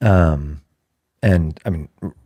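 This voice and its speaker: A man's voice: very deep voice, slow pace, warm tone, dry recording. A man co-hosting a podcast, chatting loosely and rambling, often acting out what locals say. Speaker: podcast co-host. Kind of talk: casual chat.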